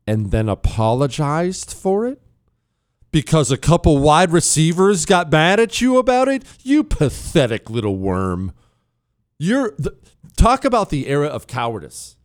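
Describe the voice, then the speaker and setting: A man's voice: medium pitch, no room sound, studio quality. A man hosting a political talk show, combative and sarcastic, often mocking others in put-on voices.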